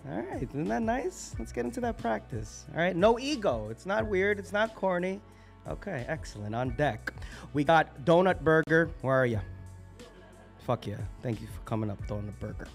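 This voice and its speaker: A man's voice: a little high, very animated, normal speed, creaky, faint music behind. A man hosting a live open mic night, casual and hyped, swearing freely between acts. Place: live cafe event.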